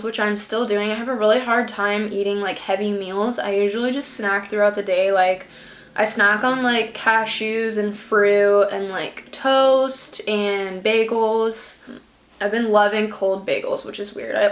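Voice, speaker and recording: A woman's voice: mid-range voice, fairly bright tone, roomy sound. A young woman vlogging a casual update from home, chatty and rambling with lots of fillers, her nose a bit stuffy. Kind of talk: casual pregnancy update vlog. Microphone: camera at close range under a ring light.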